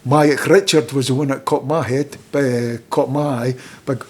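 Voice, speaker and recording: A man's voice: mid-range voice, steady tone, measured pace, husky. Scottish man telling rambling football stories. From Scotland. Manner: rambling anecdotes, acts out quoted voices. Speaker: guest, former footballer and manager. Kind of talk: casual storytelling interview.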